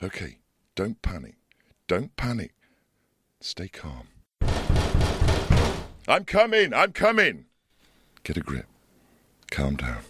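Low-voiced, jumpy man caught off guard, swooping pitch, noise behind. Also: very animated, brisk. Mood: flustered. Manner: flustered, muttering to himself. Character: startled man woken by police at dawn. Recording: audible background noise.

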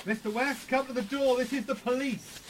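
An actor playing a police officer at a doorway, formal and insistent. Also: male voice, fairly high pitch, animated, a little fast, lightly acted. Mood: stern. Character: firm male police officer. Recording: outdoor street noise.

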